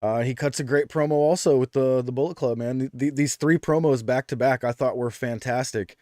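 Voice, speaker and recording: A man's voice: medium pitch, brisk, a little mellow, no echo, clean studio sound. A man co-hosting a podcast in casual chat, talking loosely with frequent fillers and restarts. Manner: chatty, with many "um"s and restarts. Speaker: podcast co-host.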